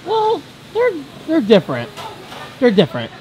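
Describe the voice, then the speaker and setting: A man filming a casual vlog at an outdoor boardwalk eatery, playful and excitable as he gushes over the food. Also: very high-pitched, normal speed, dull audio. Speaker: vlogger. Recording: busy crowd around.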